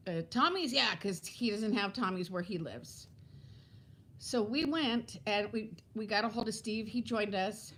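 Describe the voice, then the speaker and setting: A woman in her fifties chatting to viewers on a live stream from home, greeting them by name and telling a story in a warm, gushing way. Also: mid-range voice, normal speed, rough recording. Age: 50s. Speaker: vlogger hosting a live stream.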